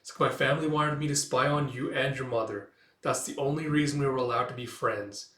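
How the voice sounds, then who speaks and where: A man reading a gentle, sincere young woman scholar in a soft manner, in a roomy room. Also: mid-range voice, steady tone, a little fast, far from the mic, natural voice. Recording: roomy echo.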